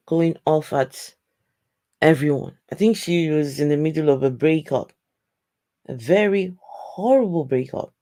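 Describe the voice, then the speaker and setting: Slow, measured commentary host. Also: mid-range voice, dark tone. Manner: measured, reflective, addresses viewers. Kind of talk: casual commentary.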